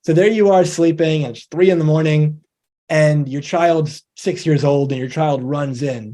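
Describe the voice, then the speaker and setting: A man's voice: a little high, fairly even intonation, unhurried, dark tone. A man presenting a motivational talk, explaining ideas step by step and acting out quoted dialogue.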